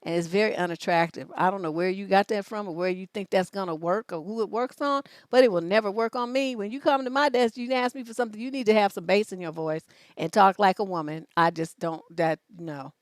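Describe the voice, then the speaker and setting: A woman's voice: mid-range voice, fairly quick, dry recording. A woman relationship coach on a livestream advice show, reading out letters and answering in a blunt, profane, scolding way.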